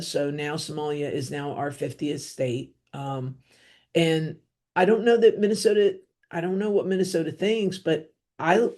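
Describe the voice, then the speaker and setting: A woman's voice: low-pitched, dark tone. A middle-aged woman with a New Jersey accent hosting a solo podcast, talking bluntly and rambling, with offhand asides and plenty of fillers. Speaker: podcast host. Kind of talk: opinionated solo podcast monologue.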